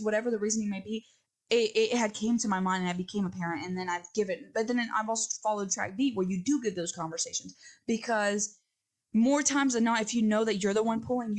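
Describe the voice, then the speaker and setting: A woman hosting a solo podcast, talking in a rambling, earnest and self-reflective way, acting out little quoted exchanges as she goes. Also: medium pitch. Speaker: podcast host.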